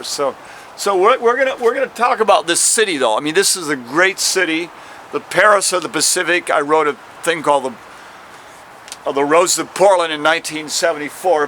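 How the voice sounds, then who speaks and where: An older man, a street poet outdoors at a city train station, rambling and swearing in an impassioned rant and reciting verse slowly and dramatically. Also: a little high, sharp tone, a little hiss or hum. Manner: profane, rambling, impassioned ranting.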